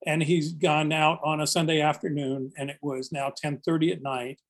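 A man's voice: a little high, flat delivery, moderate pace. An older man, a search and rescue volunteer, telling a story in a casual, earnest and reflective podcast conversation. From United States.

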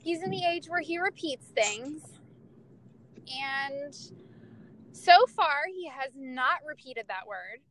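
High, bright-voiced young woman chatting. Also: animated, slow pace, slight background noise, poor audio. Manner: laughing, candid, profane storytelling. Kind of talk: casual chat.

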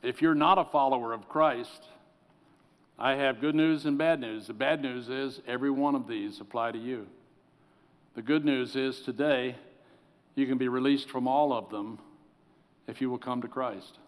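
A man preaching a sermon as pastor, earnest, sometimes dropping to soft, pleading tones. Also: medium pitch, moderate pace. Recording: long hall reverb.

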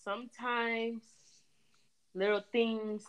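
A young woman chats casually and tells lively stories about her family. She acts out what the others said and often breaks into laughter. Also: on the high side, very slow, smooth, dull audio. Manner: expressive, laughs, acts out quotes. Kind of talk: casual chat.

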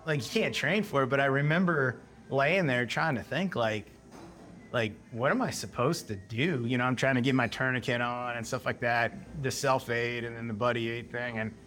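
American guy, middle-aged, casual war storyteller who acts out his own past lines, mid pitch. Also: fairly bright tone. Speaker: guest, military veteran. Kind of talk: personal war story told in conversation.

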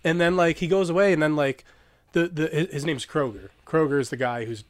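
A man's voice: on the high side, fairly quick, no echo, studio quality. A young man co-hosting a podcast, rambling through a story with frequent laughs and swearing. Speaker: podcast co-host. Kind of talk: casual chat.

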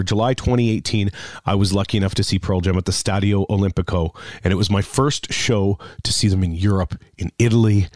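A man's voice: medium pitch, a little mellow, dry recording, studio quality. Chatty Canadian man telling fan stories. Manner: chatty, rambling storytelling with fillers. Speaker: podcast host and guest radio DJ. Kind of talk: casual spoken introduction.

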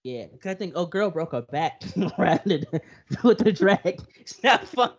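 A woman's voice: fairly low pitch, animated, unhurried, husky. A woman co-hosting a casual podcast, acting out what characters say, swearing freely and laughing often as she tells the story. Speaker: podcast co-host. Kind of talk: casual chat.

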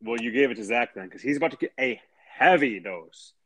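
A man's voice: mid-range voice, a little fast, fairly bright tone, dry recording. A man co-hosting a casual podcast, laid-back and wisecracking with some swearing. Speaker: podcast co-host.

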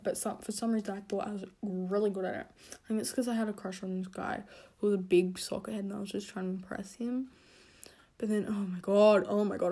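A young woman hosting a casual podcast rant, rambling with many fillers and self-corrections, getting animated as she tells a story. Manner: animated storytelling, pitch jumping when excited. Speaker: podcast host.

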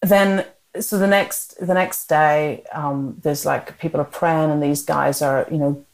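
A woman who leads a prison ministry, telling lively, self-deprecating stories in a podcast interview. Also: sits low, measured pace, poor audio.

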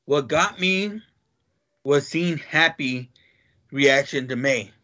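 A man in casual chat, animated and excitable, swearing freely as he talks. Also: mid-range voice, slow, dull audio.

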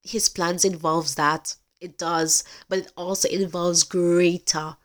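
A woman's voice: lowish voice, level tone, takes it slowly. A woman hosting a podcast, giving an earnest, emphatic faith-based talk straight to her listeners. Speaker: podcast host.

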